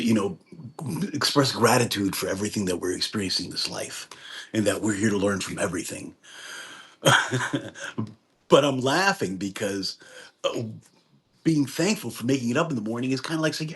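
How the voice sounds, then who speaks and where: Husky-voiced man musing on gratitude. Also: medium pitch, a bit bright. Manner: rambling, with many restarts and laughs. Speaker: host of a gratitude workshop. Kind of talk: casual spiritual talk on a live video.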